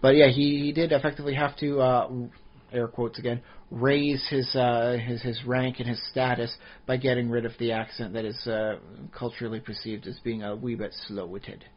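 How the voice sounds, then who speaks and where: A man's voice: mid-range voice, little pitch movement, normal speed, muffled recording. A man co-hosting a podcast in casual chat, rambling with frequent fillers and restarts. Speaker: podcast co-host.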